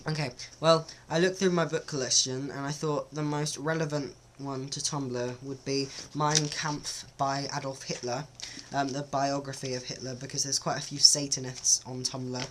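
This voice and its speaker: A man's voice: mid-range voice, little pitch movement, moderate pace, few pauses, noisy background. Hesitant man doing a vlog. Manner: hesitant, many ums, self-conscious. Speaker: vlogger. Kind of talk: casual accent-test vlog.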